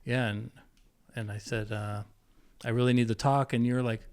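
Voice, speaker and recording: Candid man in his fifties, halting. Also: mid-range voice, little pitch movement, a little mellow, clean tone. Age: 50s. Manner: emotional, candid, halting with restarts. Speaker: podcast guest. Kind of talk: personal storytelling interview.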